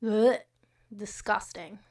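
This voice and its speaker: A woman's voice: mid-range voice, fairly even intonation, slow, a little mellow, distant mic. A woman hosting a casual livestream, chatting with commenters and reading news with blunt, profane, sarcastic asides. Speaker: livestream host.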